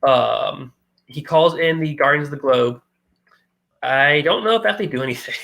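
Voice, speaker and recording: A man's voice: on the high side, normal speed, vocal fry, sharp tone, rough recording. A man co-hosting a podcast, casually retelling a comic book plot and acting out the characters' lines. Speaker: podcast co-host.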